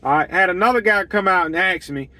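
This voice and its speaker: A man's voice: high-pitched, fairly quick, bright, forceful tone, dry recording. A man who runs a lawn care business, giving blunt, emphatic advice on pricing and repeating his points to drive them home. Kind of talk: straight-talking business advice monologue.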